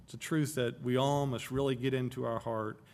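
A man's voice: medium pitch, steady tone, moderate pace, darkish tone. A man preaching an expository sermon, explaining Greek words of a Bible verse and stressing key phrases. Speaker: pastor.

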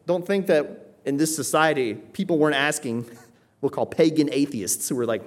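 A man preaching a sermon with emphatic conviction, often checking in with "right?" and swinging from low, quiet stress to raised emphasis. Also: lively intonation, normal speed.

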